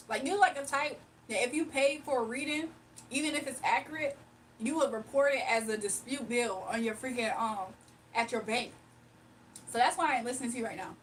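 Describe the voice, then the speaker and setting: A woman with a high, fairly bright voice hosts a relaxed livestream, trading jokes with her chat and laughing often. The audio catches her from a distance along with faint background noise.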